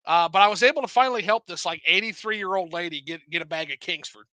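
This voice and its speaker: A man's voice: high voice, quick pace, pushed and bright, no room sound, poor audio. A man in his thirties from the American Midwest, a drunk livestream host rambling with profanity and many restarts. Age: 30s. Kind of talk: casual livestream chat.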